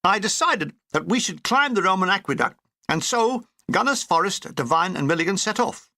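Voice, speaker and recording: A man's voice: sits high, expressive, normal speed, sharp tone, no room sound. A man reading a comic war memoir aloud with dry, wry storytelling. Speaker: audiobook reader.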